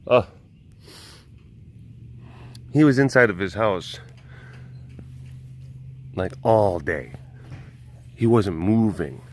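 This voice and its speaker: A man vlogging at a wild animal facility, cooing in high baby talk at the animals and joking between stories about them. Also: animated, slow pace, a little mellow. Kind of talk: casual vlog talking to animals.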